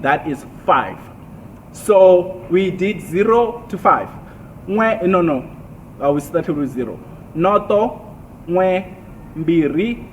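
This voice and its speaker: A man teaching a spoken language lesson in a casual way, with many fillers, and repeating words slowly to model pronunciation. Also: a little high, a little hiss or hum, low-quality recording.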